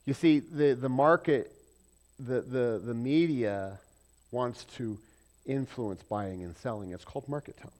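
A man preaching a sermon, asking his congregation questions and swinging between loud emphasis and soft asides. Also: medium pitch, measured pace. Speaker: pastor.

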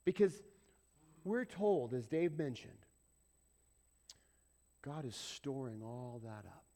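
In a sing-song, medium-pitched voice, a male pastor preaches at a slow pace. He is conversational and dramatic, ranging from loud urging to near-whispers and repeatedly asking the congregation questions.

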